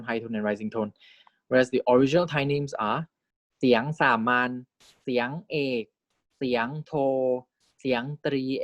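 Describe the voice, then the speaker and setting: A man's voice: medium pitch, no echo. A man teaching a language class as a lecture, patiently modeling sounds and checking in with "right?" as he goes. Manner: patient, repeats key points with "right?" checks; models sounds slowly and clearly.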